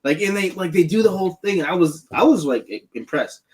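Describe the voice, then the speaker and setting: A man's voice: fast, breathy edge. A man chatting casually about a film on a podcast, swearing freely, laughing often and acting out lines in a raised voice. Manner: animated, laughs often, acts out characters in high voices. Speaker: podcast co-host. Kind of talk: casual profane chat.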